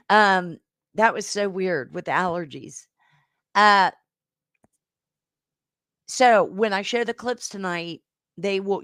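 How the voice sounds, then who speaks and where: A woman hosting a livestream game show, chatting casually with viewers and giving rambling, affectionate shout-outs with lots of fillers. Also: fairly low pitch, dry recording, clean studio sound.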